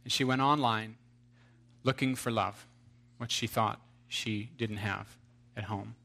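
A man's voice: lowish voice, fairly even intonation, slow, vocal fry, bright, forceful tone. A man preaching an earnest sermon, telling a story to his congregation.

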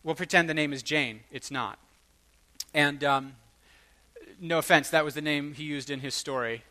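Animated preacher man, bright voice. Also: fairly high pitch, moderate pace. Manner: animated, acts out quoted voices, rising to loud bursts. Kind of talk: sermon storytelling.

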